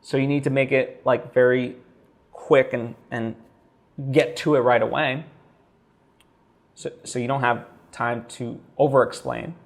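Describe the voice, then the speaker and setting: A man's voice: medium pitch, steady tone, unhurried, gravelly, pauses often. A man talking straight to camera in a casual vlog, thinking aloud with lots of fillers and restarts. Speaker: vlogger.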